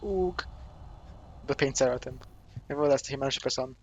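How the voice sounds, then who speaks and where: With a completely flat, mid-range voice, a man races through a visual novel's text for a let's play, reading every character with minimal vocal change. He often stumbles, corrects himself, and makes casual asides, and a little hiss or hum is audible.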